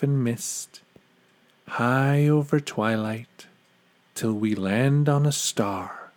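A man reading a bedtime story aloud, calm, gentle and soothing. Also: mid-range voice.

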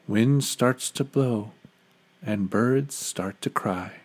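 A man reading a bedtime story aloud, calm, gentle and soothing. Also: on the low side, drawn-out words.

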